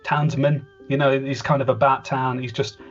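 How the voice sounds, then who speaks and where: A man's voice: medium pitch, level tone, moderate pace. Man, comedy podcast host, rambling and hesitant, dull lo-fi audio, faint music behind. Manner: rambling, hesitant, with many restarts. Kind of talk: comedy sketch as a voice director.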